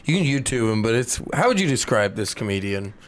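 A man co-hosting a podcast, chatting casually and animatedly, quick to laugh. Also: mid-range voice, big pitch swings.

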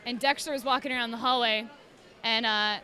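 Bright, high-voiced woman telling lively stories. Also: fairly quick, soft background music, some chatter behind. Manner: animated storyteller who swears casually and acts out her cats. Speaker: guest, cosplayer. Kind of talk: casual chat.

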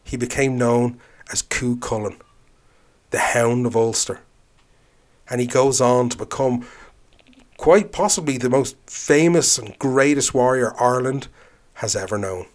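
A male storyteller telling an old legend aloud with measured, dramatic delivery. He slows down to stress key moments, in a medium-pitched voice. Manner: measured, dramatic, slowing for emphasis. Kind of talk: oral storytelling.

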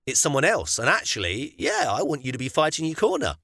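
A British man co-hosting a casual podcast chat, reflective and halting as he thinks aloud. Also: medium pitch, wildly swooping pitch, pushed and bright, dry recording, studio quality. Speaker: podcast co-host.

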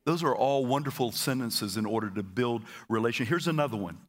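A pastor delivers an energetic sermon in a church auditorium, his mid-range voice calling on the congregation to echo his phrases. He stammers into repeats now and then and tosses in quick asides.

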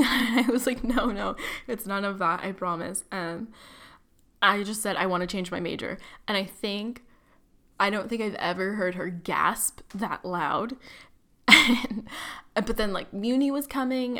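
A woman's voice: mid-range voice, a bit bright. Chatty young woman telling a story. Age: young adult. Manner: chatty, filler-heavy, self-deprecating, dramatic. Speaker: college student. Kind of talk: casual personal storytelling.

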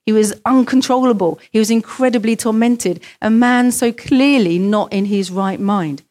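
A woman's voice: a little high, normal speed, darkish tone. Woman preaching a story-filled sermon. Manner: storytelling, acts out quoted voices. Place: church.

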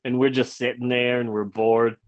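A man's voice: medium pitch, moderate pace, no room sound, dull audio. A man casually telling a long personal anecdote as a podcast host, rambling with restarts and acting out what people said. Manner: animated, acts out quoted lines.

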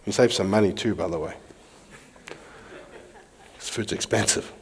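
A man preaching a sermon, reading scripture aloud with animated delivery while pacing. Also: fairly low pitch, moderate pace, a little hiss or hum. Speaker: pastor. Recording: long hall reverb.

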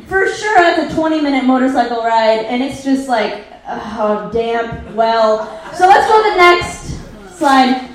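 A woman doing live stand-up, recapping a movie over slides with sarcastic, profane asides. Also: sits high. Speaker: comedian presenting slides. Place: live comedy venue. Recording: very echoey live room.

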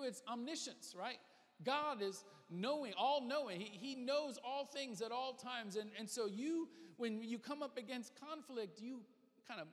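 A man preaching a sermon as pastor, speaking conversationally and repeating phrases for emphasis. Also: very high voice. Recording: reverberant hall.

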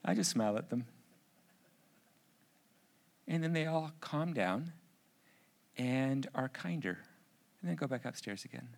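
A man's voice: medium pitch, lively intonation, a little slow, gravelly, pauses often, a little mellow. A middle-aged Canadian man preaching a sermon in a conversational, humorous way that builds to emphatic urgency. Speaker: pastor.

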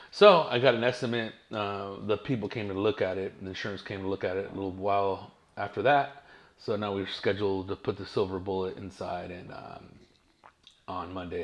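A man, hosting his own podcast and telling rambling, profane stories in casual slang. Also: fairly low pitch. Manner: profane, slangy, laid-back storytelling. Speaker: podcast host.

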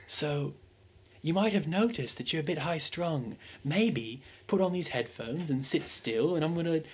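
A man imitating a soft, soothing male meditation guide with a vague British or Antipodean accent. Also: a little high, expressive, measured pace, a little hiss or hum, pitched above the performer's own voice. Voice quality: soft, gentle.

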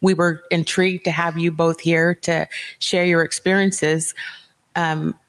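A woman's voice: lowish voice, flat delivery, unhurried, poor audio. A middle-aged woman hosting a talk show, asking questions in a direct, opinionated way. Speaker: host.

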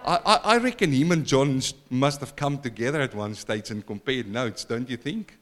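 A middle-aged male pastor giving an emphatic sermon, swinging between loud exclaims and quiet asides and calling for congregation responses. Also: animated, moderate pace. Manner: emphatic preaching with wide swings in loudness and pitch.

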